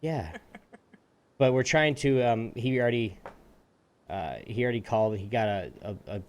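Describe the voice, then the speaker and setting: A man co-hosting a gaming podcast, telling a long anecdote in a casual, animated way and acting out the people in it. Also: medium pitch, measured pace. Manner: animated, acts out voices in anecdotes. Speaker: podcast co-host. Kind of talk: casual storytelling.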